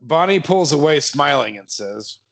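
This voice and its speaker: A man's voice: a little high, lively intonation, normal speed, vocal fry, a bit bright. A man narrating a comedy horror podcast script, often laughing and stumbling over his lines.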